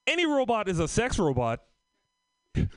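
A man from Trinidad and Tobago doing a stand-up comedy set, loud and profane, laughing through his lines. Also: high voice, wildly swooping pitch, normal speed, no echo, studio quality.

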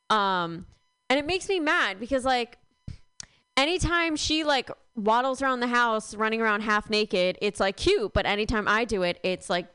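A young woman performing a rambling, deadpan stand-up comedy set. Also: a little high, clean tone, dry recording. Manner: deadpan, rambling with many fillers.

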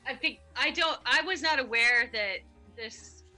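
A woman host with a very bright, slightly high voice, rambling along with laughs and fillers. Music plays faintly behind her. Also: a little slow. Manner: chatty, laughs often, many fillers. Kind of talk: casual chat.

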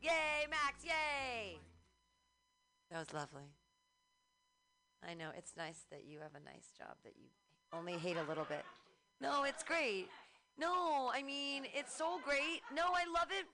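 Bubbly, bright-voiced woman emcee. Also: sits high, animated, measured pace, pauses often, a little hiss or hum. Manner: bubbly and sarcastic. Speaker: comedy show host. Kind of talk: emceeing a comedy show.

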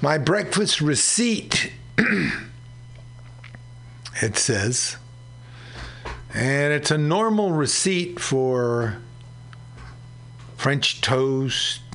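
Brief: male radio host, mid pitch, slow unhurried talk. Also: a bit bright. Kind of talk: community radio commentary.

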